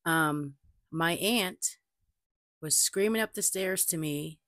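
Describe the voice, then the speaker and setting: Casual woman vlogger host, low-pitched, dry close desk mic, chatty and repetitive. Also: slow pace, no echo. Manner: chatty, animated storytelling, repeats herself. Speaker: paranormal channel host. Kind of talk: casual chat to camera.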